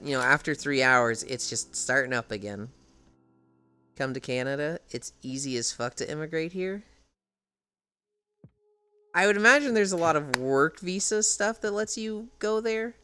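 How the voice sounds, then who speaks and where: Lively, swearing streamer chatting with viewers. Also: medium pitch. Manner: lively, laughs often, swears freely. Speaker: live streamer. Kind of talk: casual live-stream chat, answering chat.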